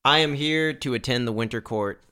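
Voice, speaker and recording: A man's voice: medium pitch, a little fast, bright, forceful tone, clear, resonant tone, voice pushed up, lightly acted. A man voicing a young village governor who speaks formally and courteously, in a tabletop game.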